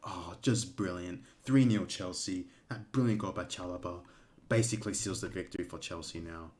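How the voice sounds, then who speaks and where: A man giving casual live commentary during a watch-along stream, excitable and emotional, breaking into shouts at big moments. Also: sits low, normal speed. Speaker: fan streamer commentating a match.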